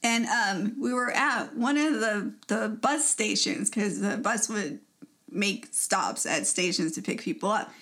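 A woman's voice: medium pitch, a little slow, fairly bright tone. A young woman co-hosting a podcast, telling a story in casual chat with lots of laughs and fillers. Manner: chatty, laughs often, many fillers. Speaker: podcast co-host.

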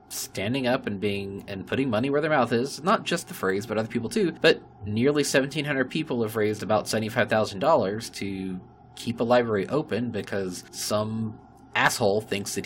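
A man's voice: lowish voice, moderate pace, fairly bright tone, a little hiss or hum. A man hosting a podcast, ranting angrily and swearing often. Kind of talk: casual podcast talk.

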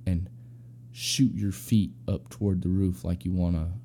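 A man's voice: low voice, flat delivery, measured pace, warm tone, a little hiss or hum. A young adult man casually telling a personal anecdote, rambling and slangy with lots of fillers. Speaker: storyteller.

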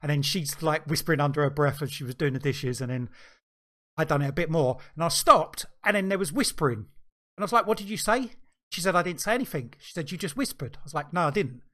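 A middle-aged podcast co-host with a fairly high voice talks at a quick pace, telling an anecdote in casual chat. He animatedly acts out the voices of the people he quotes.

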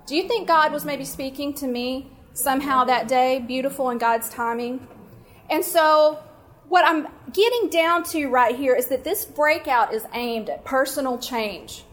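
A middle-aged woman leading a women's conference breakout, teaching from scripture through a personal story told with animated, self-mocking humor. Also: sits high. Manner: warm, animated storytelling, laughing at herself.

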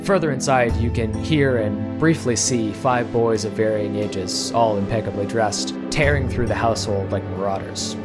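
A man narrating a tabletop role-playing game as game master, in measured storytelling. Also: on the low side.

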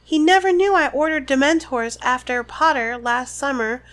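A woman's voice: high-pitched, expressive, moderate pace, fairly bright tone. A woman reading a sugary, menacing woman official's lines from a book, prim and falsely sweet.

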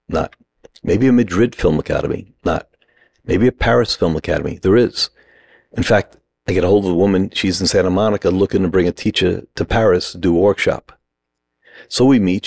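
A middle-aged man with a very low, gravelly voice tells a long story on a podcast. He plays out the lines of the people in it, and his voice is close and dry. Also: dry recording. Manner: animated anecdote, acts out quoted voices. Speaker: acting teacher.

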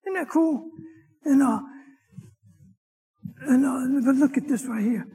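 A man, a deacon, teaching a Sunday Bible class in church, with an animated, folksy delivery and dramatic scripture reading. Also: very high voice, takes it slowly, long pauses, slightly rough, long reverb tail.

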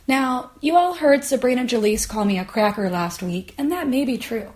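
A woman's voice: on the high side, expressive, normal speed, darkish tone. A woman hosting a comedy podcast, ranting in a sarcastic, exasperated way. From United States. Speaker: podcast host. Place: Los Angeles.

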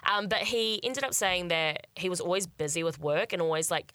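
A woman's voice: fairly low pitch, normal speed, fairly bright tone, no room sound. A young woman, telling a candid story in casual chat, swearing and acting out quotes. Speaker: guest storyteller.

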